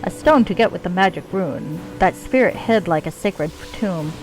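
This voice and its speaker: A woman's voice: on the low side, animated, normal speed, darkish tone, faint music behind, low-quality recording. Woman doing a mad rhyming cultist man. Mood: sing-song. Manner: speaks in singsong rhymes with broken grammar. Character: mad rhyming male cultist, broken grammar.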